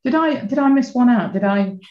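A woman's voice: fairly high pitch, animated, brisk. A woman hosting an interview, reacting and thinking aloud with fillers. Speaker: interview host. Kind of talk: casual conversation. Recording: roomy, dull lo-fi audio.

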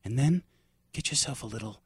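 A man's voice: mid-range voice, lively intonation, a little fast, husky, no room sound, clean studio sound. A man who is a guest on a podcast, chatting casually in an exuberant, theatrical way. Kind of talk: casual chat.

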